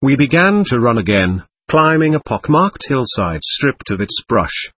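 A man's voice: medium pitch, sing-song, a little slow, a bit bright, breathy edge. A man narrating a war memoir in the first person, in a vivid, dramatic audiobook reading.

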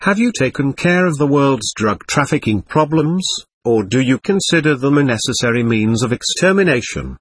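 Earnest little male alien from a storybook, firing off pointed questions in a husky voice with a lively, rising and falling tone, as a man reads him. He speaks in a close, dry sound. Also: medium pitch, moderate pace, dry recording.

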